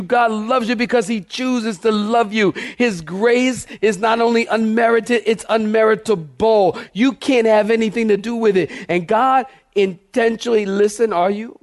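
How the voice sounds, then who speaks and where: A male pastor preaching a sermon in church, animated and calling out to the congregation for responses. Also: high voice.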